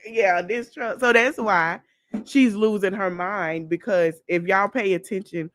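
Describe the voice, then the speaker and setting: A woman's voice: mid-range voice, a little slow, no room sound, studio quality. Mocking woman podcast host, blunt. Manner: blunt and mocking, laughs often. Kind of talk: gossip commentary.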